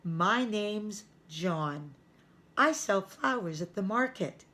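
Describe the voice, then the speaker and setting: Kindly old flower-seller guy with an odd accent, slow and chuckly, a lady reading it out. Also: mid-range voice, expressive, sharp tone. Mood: warm, amused. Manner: friendly, chuckling, unhurried. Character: elderly male flower seller, kind, foreign-sounding.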